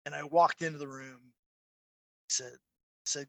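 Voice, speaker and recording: A man's voice: on the high side, level tone, moderate pace, gravelly, bright, forceful tone, no room sound. A man co-hosting a podcast in casual chat, telling stories with many restarts and asides. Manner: rambling storyteller with restarts. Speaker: podcast co-host.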